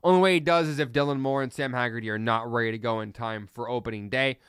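A man's voice: medium pitch, quick pace, a bit bright, smooth, no room sound. A man hosting a solo sports podcast, fired up and blunt, ranting with preachy repeated lines into a close mic. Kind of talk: opinionated solo podcast rant.

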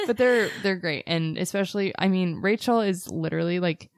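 A woman co-hosting a casual podcast, talking in a relaxed way with many fillers and frequent laughs. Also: fairly low pitch, fairly quick, dry recording, clean studio sound. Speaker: podcast co-host, esthetician.

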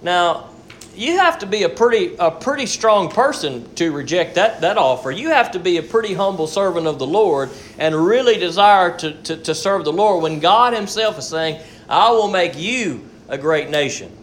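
A man's voice: high voice, lively intonation, normal speed, a little hiss or hum. A man preaching a sermon as pastor, earnest and explanatory, often repeating words as he searches for the next phrase.

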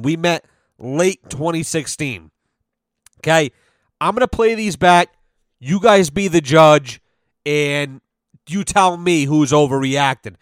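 A man's voice: fairly high pitch, no echo, studio quality. Profane, sarcastic male podcast host. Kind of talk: casual podcast chat.

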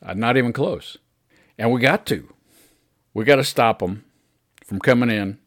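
A man's voice: mid-range voice, moderate pace, no echo, clean studio sound. A man hosting his own podcast, talking through his opinions in a rambling, conversational monologue with frequent chuckles. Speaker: podcast host.

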